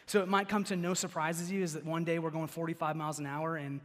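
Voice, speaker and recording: A young male pastor with a high, bright voice delivers a laid-back sermon. He rambles through stories, peppering them with "like" and "okay?". His words ring with the long reverb of a large church hall. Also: fast talker. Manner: chatty and animated, lots of "like" and "okay?". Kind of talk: casual sermon with personal stories. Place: church sanctuary.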